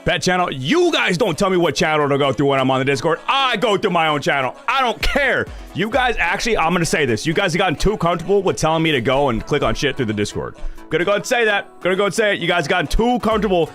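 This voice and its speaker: A young male streamer with a fairly high voice, rambling to his chat in a loose, casual way. His delivery swings widely in pitch as he rants and grumbles, and faint music plays under him. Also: fast. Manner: animated, ranting, swears freely.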